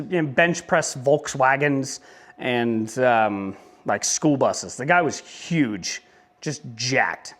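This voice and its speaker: A man's voice: medium pitch, fairly bright tone. A young man talking casually in a motorcycle vlog, rambling with joking asides. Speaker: motovlogger.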